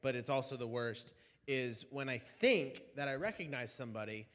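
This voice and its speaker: Playful young student pastor in a hall. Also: male voice, medium pitch, expressive, normal speed. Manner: playful storyteller. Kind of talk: casual live-stream banter.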